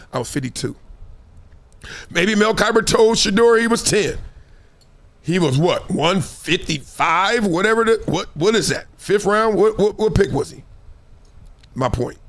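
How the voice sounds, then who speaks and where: A man with a notably high speaking voice holds forth on a sports talk show. He keeps it casual and full of slang, and slips into little voices to mimic the people he talks about. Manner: animated, slangy, acts out quoted people.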